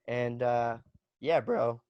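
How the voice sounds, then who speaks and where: A man's voice: mid-range voice, slow, clean tone, dry recording, lo-fi sound. A young man in his twenties, a podcast guest telling stories in loose, profane casual chat full of "like" and "bro".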